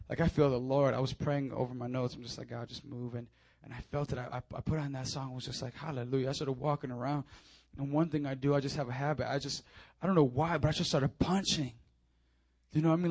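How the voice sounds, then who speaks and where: A young man preaching a sermon in a church, swinging between loud urging and low confiding asides. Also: steady tone, quick pace, dry recording. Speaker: pastor. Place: church sanctuary.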